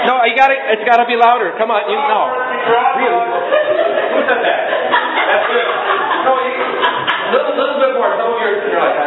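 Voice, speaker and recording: A man preaching a sermon to a congregation, animated and coaxing them to join in with noise. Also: sits high, brisk, over a noisy crowd. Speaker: pastor. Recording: echoey hall, tinny lo-fi sound.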